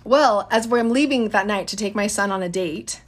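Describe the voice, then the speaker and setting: A woman's voice: mid-range voice, normal speed. A woman in her thirties telling a story in a casual, chatty way, addressing listeners as guys.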